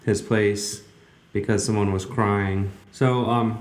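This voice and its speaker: Low-voiced man hosting with rambling commentary. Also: little pitch movement, slow. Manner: rambling, many fillers and restarts, blunt. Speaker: radio show host. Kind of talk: casual spoken commentary. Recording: roomy, echoey room.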